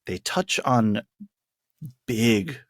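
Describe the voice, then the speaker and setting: Husky low-voiced man, chatty. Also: extremely slow, dry recording, studio quality. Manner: enthusiastic, rambling with restarts. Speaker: podcast co-host. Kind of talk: casual chat.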